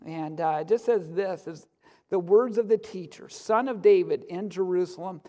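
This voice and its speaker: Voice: mid-range voice, normal speed, dark tone. A pastor giving a casual, joking sermon from a church stage, full of fillers and asides. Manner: conversational, joking, many fillers. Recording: long hall reverb.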